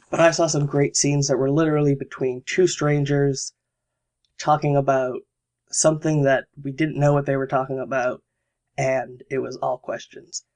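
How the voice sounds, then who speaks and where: A man hosting a podcast, casually explaining exercises step by step with examples. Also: a little high. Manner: explanatory, walks through steps with examples. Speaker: podcast host.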